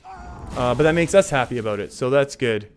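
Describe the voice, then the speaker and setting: A man's voice: mid-range voice, expressive, moderate pace, faint music behind. A young Canadian man with an English Canadian accent, casually commentating a card game and reading viewer comments, laughing often. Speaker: streamer.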